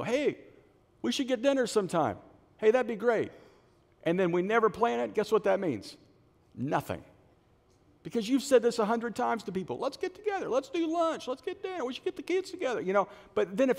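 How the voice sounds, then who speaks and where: Animated male pastor in a reverberant hall. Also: a little high. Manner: animated storytelling, acts out quoted voices. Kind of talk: sermon. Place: church auditorium.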